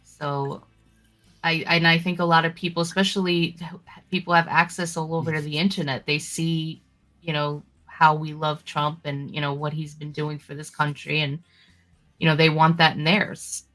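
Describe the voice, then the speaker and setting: A woman's voice: low voice, flat delivery, moderate pace, a bit bright, soft background music. A woman co-hosting a political talk show, chatting casually with lots of "you know" fillers and reading news stories aloud. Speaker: podcast co-host.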